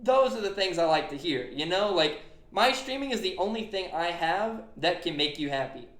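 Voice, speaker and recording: Young male podcast host, earnest and rambling, a bit high-pitched, echoey room. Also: expressive, moderate pace, a bit bright. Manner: earnest, retelling a conversation with many fillers. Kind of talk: casual podcast chat.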